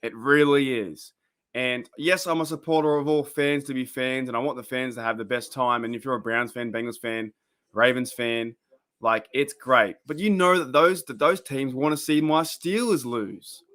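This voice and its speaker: An Australian man runs a live sports reaction stream, chatting casually and rambling, with bursts of excitement at the plays. His voice sits at medium pitch and moves at a moderate pace.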